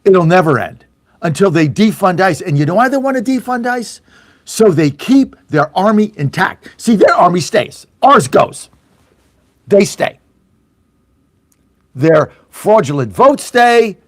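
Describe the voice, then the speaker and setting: A man's voice: high voice, very animated, measured pace, dry recording, studio quality. A middle-aged man hosting a political talk radio show, ranting angrily and sarcastically, swearing bluntly and mocking his opponents. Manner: blunt, swears, repeats for emphasis.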